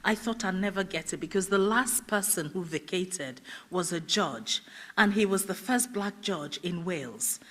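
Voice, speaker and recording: A middle-aged woman telling her life story as a festival speaker, animated and laughing often as she acts out what people said. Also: lowish voice, normal speed. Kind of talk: personal storytelling talk. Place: festival stage.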